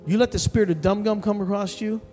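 A man preaching a sermon as pastor, telling a story with animated, emphatic delivery and calling out to the congregation. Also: sits high, fast talker. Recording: long hall reverb with soft music behind.

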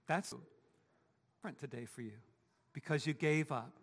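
Gravelly-voiced pastor preaching in a hall. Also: male voice, mid-range voice, steady tone, normal speed. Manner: conversational preaching, rhetorical questions to the congregation. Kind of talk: sermon. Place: church sanctuary.

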